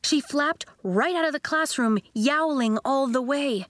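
A woman's voice: high voice, unhurried, no room sound, clean studio sound. A woman narrating a children's audiobook expressively, giving each character a voice of her own. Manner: expressive storytelling, voicing the characters.

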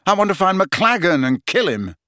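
A man's voice: sits high, sing-song, moderate pace, pushed and bright, no echo, studio quality, pitched above the performer's own voice, exaggerated voice. A man reading an audiobook, voicing a hot-tempered teenage boy who sounds angry and frustrated. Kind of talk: audiobook character voice.

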